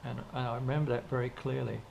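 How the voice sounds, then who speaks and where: An older man with a gravelly, creaky voice recounts his life in a loose, rambling way, acting out both sides of old conversations. He restarts sentences often and circles back as he goes. A faint hum of background noise sits under the recording. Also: medium pitch, level tone, fast talker, a little mellow, highs cut off. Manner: rambling, with frequent restarts and quoted dialogue. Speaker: interview guest. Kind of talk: casual storytelling in an interview.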